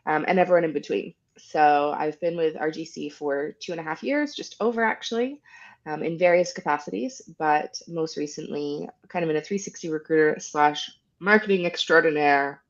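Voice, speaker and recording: A woman's voice: low voice, muffled recording. A woman with a rural Canadian accent, a recruitment consultant, chatting on a video-call panel in a friendly, self-deprecating way. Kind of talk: casual panel chat.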